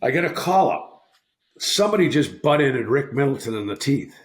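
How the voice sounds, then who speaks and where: Recorded with a roomy echo, a man in his sixties who used to play hockey rambles through a casual story for a podcast, stopping to correct himself. His mid-range voice is very animated and moves at a moderate pace.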